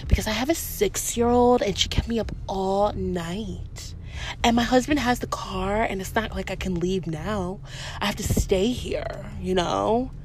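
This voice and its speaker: A woman's voice: mid-range voice, a little slow, lightly acted. A woman voicing a tired, pushy young mother at a nail salon, drawling and self-absorbed. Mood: drowsy.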